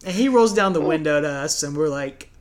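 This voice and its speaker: A man in his thirties, chatting casually as a podcast co-host, telling stories in a relaxed way and laughing often. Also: fairly high pitch, brisk, a little hiss or hum. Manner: relaxed storyteller, laughs a lot. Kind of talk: casual chat.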